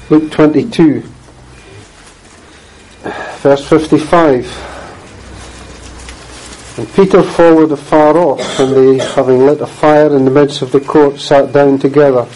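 A man preaching in a slow, deliberate cadence with a mellow, dark tone. He reads scripture plainly and earnestly, pausing to clear his throat and cough. The sermon unfolds unhurried. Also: on the high side, fairly even intonation, a little hiss or hum, poor audio.

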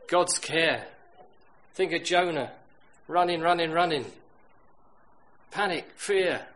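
A middle-aged man preaching a sermon, telling stories that swing from loud emphatic bursts to hushed quiet lines. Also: fairly high pitch, takes it slowly, poor audio.

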